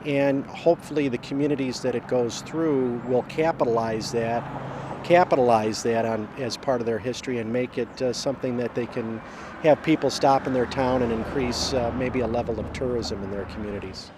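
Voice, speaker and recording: A man answers questions outdoors in a halting way, pausing often on filler sounds. His voice sits at an ordinary pitch. Road and vehicle noise is clearly heard behind him. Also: fairly even intonation. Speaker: interviewee. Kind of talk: outdoor interview.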